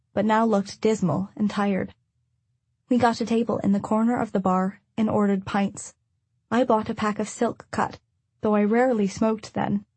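Audiobook narrator, woman, husky voice, dry close sound, measured storytelling. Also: mid-range voice, warm tone, dry recording. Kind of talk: first-person audiobook narration.

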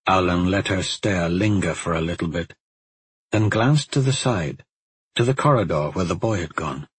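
A man reading a fantasy novel aloud in a measured storytelling manner. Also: low-pitched, breathy edge, dry recording, low-quality recording. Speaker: audiobook narrator. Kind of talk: scripted narration.

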